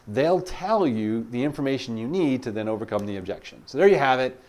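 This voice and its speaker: A male sales coach talks straight to his viewers in a relaxed teaching monologue. His voice sits at an ordinary middle pitch. He slips into quoted client lines and keeps a loose, filler-dotted delivery. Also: fairly quick. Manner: conversational, acts out client dialogues, frequent fillers.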